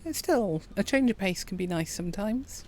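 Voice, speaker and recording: A woman, quietly commentating a farming game and chatting with her viewers. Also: medium pitch, normal speed, a little hiss or hum. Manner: quiet, relaxed, chats with viewers. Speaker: streamer. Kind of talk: calm gameplay commentary.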